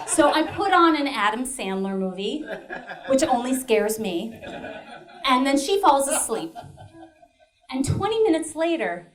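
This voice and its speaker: A woman telling a comic story in a solo show, with a high voice that swoops all over. She laughs her way through the lines and cuts in with dry, deadpan remarks. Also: noisy background. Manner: animated, laughing, with dry asides. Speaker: comedian and storyteller.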